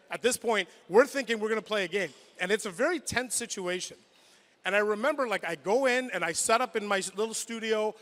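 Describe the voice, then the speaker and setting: A male sports broadcaster giving a hall of fame acceptance speech, telling a personal story dramatically, with quick restarts and repeated words, at a podium microphone. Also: sits high, a bit bright. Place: large indoor event hall. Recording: long reverb of a large hall.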